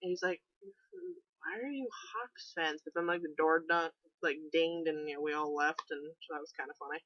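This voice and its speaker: A woman's voice: low-pitched, level tone, quick pace, no echo, dull audio. A young woman from New England telling a road trip story in a chatty, sarcastic vlog. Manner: chatty, sarcastic, many fillers.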